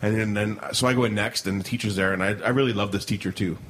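A man's voice: on the low side, steady tone, quick pace, fairly bright tone, a little hiss or hum. A middle-aged man co-hosting a podcast, telling a rambling story with lots of restarts and laughter in casual chat. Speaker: podcast co-host.

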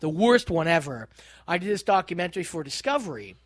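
A man who is a stand-up comedian, telling stories in a casual podcast chat in a profane, animated way. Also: a little high, a little fast.

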